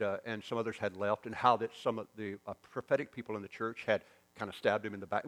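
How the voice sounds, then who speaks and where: Man, Southern accent, preacher, lively storytelling sermon, acts out voices. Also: fairly low pitch. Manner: animated storyteller, acts out quoted dialogue.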